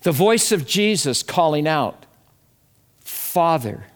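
A man preaching a Good Friday sermon in a slow, measured, reflective way. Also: a little high, very animated. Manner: slow, measured and reflective, acting out quoted voices. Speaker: pastor.

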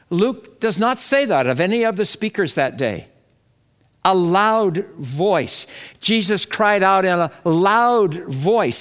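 A man preaching a Good Friday sermon in a slow, measured, reflective way. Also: fairly high pitch, a bit bright. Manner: slow, measured and reflective, acting out quoted voices. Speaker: pastor.

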